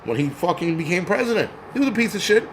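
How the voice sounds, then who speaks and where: High-voiced man ranting profanely. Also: expressive, fast, slight background noise. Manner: profane, heated ranting with stammered restarts. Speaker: channel host. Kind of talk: live-streamed rant.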